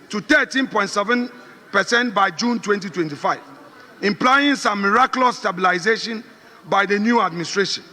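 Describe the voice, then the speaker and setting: Man, Ghanaian accent, parliamentary speech, very high piercing voice, emphatic and combative, long echo of a big chamber. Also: bright, forceful tone. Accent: Ghanaian English. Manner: emphatic, combative, repeats phrases for stress. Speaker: member of parliament. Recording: reverberant chamber.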